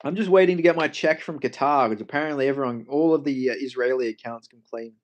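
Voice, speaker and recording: A man's voice: mid-range voice, quick pace, hardly any pauses, lo-fi sound. A young Australian man on a casual livestream, joking, swearing freely and answering his chat. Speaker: MMA streamer.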